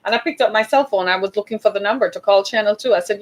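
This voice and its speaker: A woman's voice: mid-range voice, fast, few pauses, low-quality recording. A woman giving an impassioned talk to an audience, urgent and exhorting, repeating her points for emphasis. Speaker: speaker addressing an audience.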